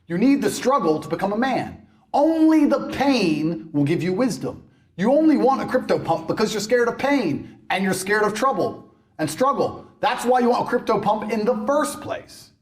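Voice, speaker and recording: A man's voice: high-pitched, big pitch swings, moderate pace. A man ranting on a podcast in a brash, mocking and emphatic way. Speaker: podcast guest. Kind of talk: provocative podcast rant.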